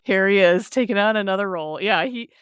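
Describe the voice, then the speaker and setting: Animated, smooth-voiced woman podcast host. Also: mid-range voice, normal speed, no room sound, studio quality. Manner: animated, laughs often. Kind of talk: casual chat.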